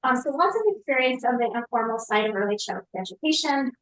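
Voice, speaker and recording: A woman's voice: a little high, expressive, quick pace, a bit bright, poor audio. A woman speaking as a guest on a podcast, an association director, explaining her background in a conversational way with frequent ums.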